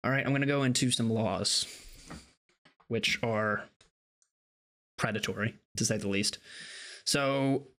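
A man in casual podcast talk, laying out prepared points in a measured way. His pitch sits in the middle range. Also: pushed and bright.

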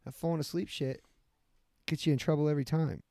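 A man hosting a casual podcast chat, joking and teasing his guest with quick interjections. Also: on the high side, fairly even intonation, vocal fry, dark tone, dry recording, clean studio sound. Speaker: podcast host.

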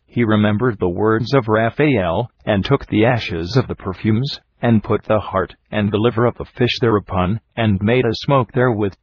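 A man reading scripture aloud in a steady, measured way, calling out each verse number. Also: fairly low pitch. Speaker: scripture reader. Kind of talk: audiobook Bible reading. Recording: dull lo-fi recording with faint hiss.

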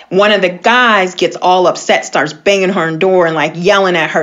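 A woman telling a personal story in casual conversation as a guest, animated, with many filler words and sudden upward swoops for emphasis. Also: lowish voice.

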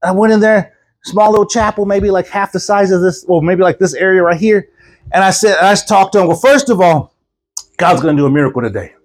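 In a brisk voice that sits high, a man preaches a sermon told as a story. He's animated, acts out the voices he quotes, and often laughs with the congregation.

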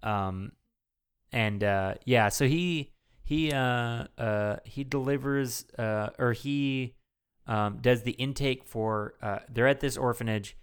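A man co-hosting a casual movie podcast, rambling and animated, with lots of swearing and fillers. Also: mid-range voice, slow, clean tone. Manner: rambling and animated, heavy profanity, many fillers. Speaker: podcast co-host.

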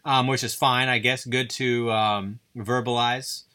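Man, podcast host, solo rambling monologue, self-deprecating, goofy, bright tense voice. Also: mid-range voice, fairly even intonation, unhurried.

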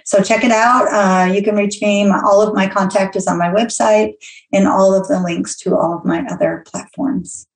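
A woman guest, a coach and teacher, talking casually and relaxed about her courses. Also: medium pitch, normal speed, roomy sound, rough recording. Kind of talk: casual chat.

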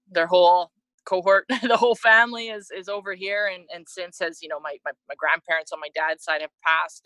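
A woman from Canada speaking in a bright, clear voice. She tells her own story in a candid, reflective way, often restarting her sentences. The sound is close and dry. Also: fairly low pitch, no room sound, rough recording. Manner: reflective, with frequent restarts and laughs. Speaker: interview guest, former soccer player.

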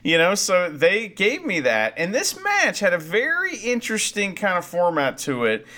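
Lively bright-voiced man chatting. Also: high voice, normal speed. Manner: rambling, swears casually, lively. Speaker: podcast co-host. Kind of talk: casual wrestling chat.

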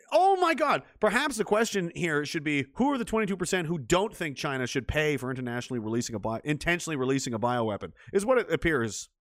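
Man, higher-pitched voice, dry sound, sarcastic, swearing, ranting commentary. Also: fairly bright tone, dry recording. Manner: profane, sarcastic, mocking. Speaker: political commentary streamer.

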